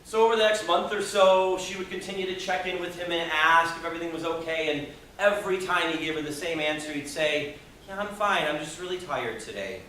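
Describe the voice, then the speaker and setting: Speaking a little fast, a male Toastmasters speaker with a bright, high-ish voice motivates a live audience in a meeting room. He's expressive, acts out quoted people, and asks the audience questions. The sound is distant and echoey, like a hall, with slight background noise.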